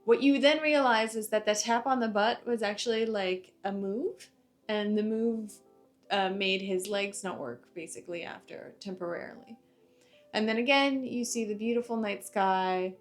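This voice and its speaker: A woman's voice: medium pitch, normal speed, soft background music. Chatty young woman recapping anime. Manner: chatty, uses many fillers like "like" and "uh". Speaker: anime reviewer. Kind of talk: casual recap of an episode.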